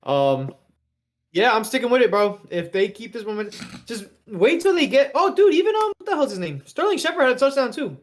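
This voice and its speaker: Excitable, swearing podcast co-host. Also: brisk. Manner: excitable, swearing, pitch jumps up when fired up. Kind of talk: casual sports chat.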